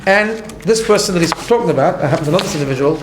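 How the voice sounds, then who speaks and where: Expressive and on the high side, this rabbi's voice races very fast as he leads an informal study hall class. He keeps it conversational and emphatic, often starting over and checking in with "right?", recorded in an echoey room with faint hum.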